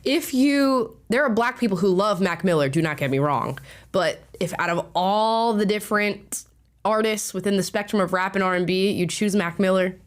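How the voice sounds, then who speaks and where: A woman's voice: medium pitch, normal speed. A young woman hosting a reaction video in casual, opinionated commentary, often laughing.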